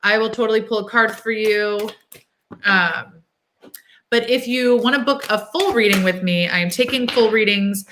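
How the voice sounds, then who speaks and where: A woman's voice: medium pitch, fairly bright tone, a little hiss or hum. A young woman reading tarot cards on a casual livestream, chatting loosely with many "um"s and "like"s, upbeat and encouraging. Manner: chatty, thinks aloud, fills pauses with "um" and "like". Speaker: tarot reader hosting a livestream. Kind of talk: casual live-stream chat.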